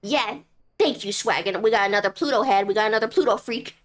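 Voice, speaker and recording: A woman's voice: medium pitch, quick pace. A young woman streaming a game, chatting in a goofy, rambling, playful way. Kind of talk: casual game commentary.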